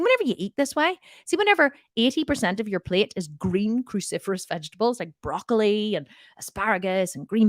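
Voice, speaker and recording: A woman's voice: medium pitch, no room sound, clean studio sound. A woman diet coach answering viewer questions in a live Q&A, blunt and direct, often laughing and swearing jokingly.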